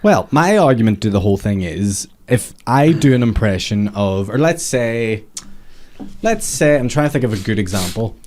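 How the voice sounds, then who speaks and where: Low-voiced podcast co-host. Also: male voice, animated, moderate pace, darkish tone. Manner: laughs easily, reads comments aloud. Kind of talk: casual podcast banter.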